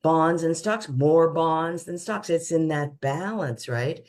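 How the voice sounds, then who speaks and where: A woman's voice: sits low, slow, darkish tone. Woman advisor explaining with folksy analogies. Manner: uses folksy analogies, frequent restarts. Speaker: financial advisor. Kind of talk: casual conversational explanation.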